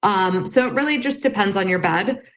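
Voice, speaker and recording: A woman's voice: mid-range voice, normal speed. Easygoing woman company founder. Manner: relaxed, easygoing, with frequent "um" and "like". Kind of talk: casual interview conversation.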